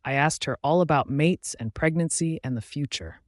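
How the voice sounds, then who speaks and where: A man narrating a fantasy romance audiobook in the first person, in an even storytelling delivery. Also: fairly high pitch, moderate pace, dry recording, clean studio sound.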